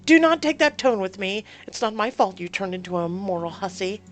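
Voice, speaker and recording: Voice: mid-range voice, animated, brisk, fairly bright tone, voice pushed up, close to an everyday voice. A reader voicing a cold, imperious mother who scolds her grown daughter in a game playthrough. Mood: scolding, imperious. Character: domineering disapproving mother, middle-aged woman.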